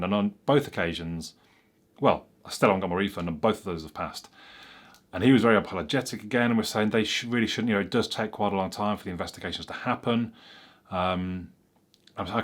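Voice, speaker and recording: A man with a fairly low voice recounts his experience to camera in a loose, chatty way. He rambles, and he restarts or corrects himself as he goes. It sounds like an unscripted tech vlog. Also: fast. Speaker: tech reviewer. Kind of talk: casual storytelling to camera.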